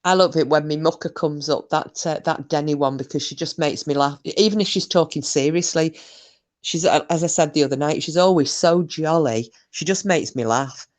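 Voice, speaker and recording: A woman's voice: low-pitched, moderate pace. Bawdy woman chatting on a livestream. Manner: cheeky, bawdy, lively banter. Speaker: live stream host reading chat. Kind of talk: casual chat.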